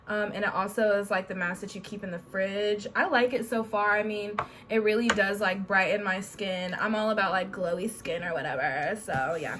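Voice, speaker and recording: This young adult woman is a beauty vlogger chatting casually at home, bubbly and tossing in playful catchphrases like "honey" and "period." Her medium-pitched, fairly bright voice keeps a fairly even intonation at a moderate pace with hardly any pauses. There's slight background noise.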